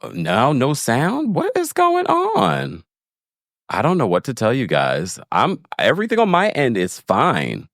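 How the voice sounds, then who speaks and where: Animated man hosting a livestream. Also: medium pitch, moderate pace, hardly any pauses, no room sound, studio quality. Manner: animated, laughing, talks straight to viewers. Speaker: livestream recap host reading chat. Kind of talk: casual livestream chat.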